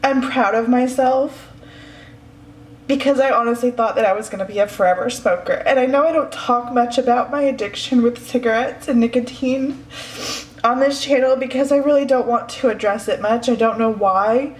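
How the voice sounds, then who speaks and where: A woman's voice: fairly high pitch, normal speed. A woman in her thirties, speaking candidly and emotionally in a personal vlog at home, often sighing. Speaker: vlogger. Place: home, indoors. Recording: echoey room.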